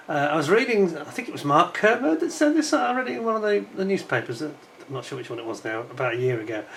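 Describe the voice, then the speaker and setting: A man's voice: on the high side, a bit bright, a little hiss or hum. A middle-aged British man chatting casually as a model kit reviewer, rambling onto tangents with plenty of fillers, recorded indoors at home with a fan running. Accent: British English. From United Kingdom.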